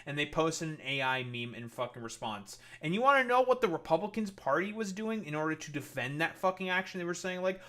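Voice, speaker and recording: A man's voice: fairly high pitch, animated, brisk, hardly any pauses, fairly bright tone. A man streaming heated, profane political commentary in a blunt, ranting way.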